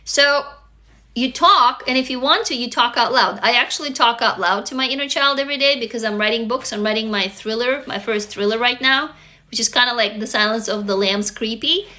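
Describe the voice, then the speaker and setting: A woman who grew up in Russia talks earnestly to her viewers on a live phone stream. Her voice sits a little high and sounds bright and clear. She coaches them step by step and keeps checking that they follow. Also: fairly quick. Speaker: livestream host and author. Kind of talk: casual live-stream talk.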